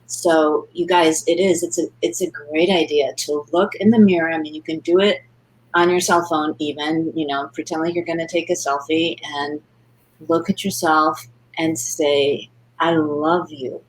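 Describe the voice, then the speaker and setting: A woman's voice: low voice, fairly even intonation, moderate pace, darkish tone, poor audio. A woman hosting a webinar interview who reacts eagerly and sums up her guest's points. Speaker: host.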